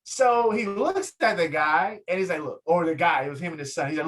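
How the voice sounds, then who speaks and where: A man talks as a guest on a casual interview show, with a voice set a little high for a man. He tells a story with lively energy, acting out the people in it. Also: fairly quick, few pauses, low-quality recording. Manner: lively, acts out quotes, swings pitch up in excitement. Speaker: guest, photographer and fighter.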